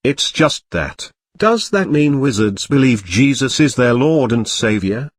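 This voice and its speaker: A man's voice: mid-range voice, lively intonation, unhurried, dry recording. A man voicing a curious, polite boy wizard who asks earnest questions.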